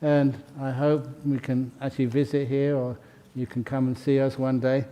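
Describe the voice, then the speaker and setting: His mid-range voice moves little in pitch as he leads a ceremony in a meditation hall. Reading each name and welcoming every new member, the man keeps a slow, warm-hearted, chatty manner, breaking into laughter between names.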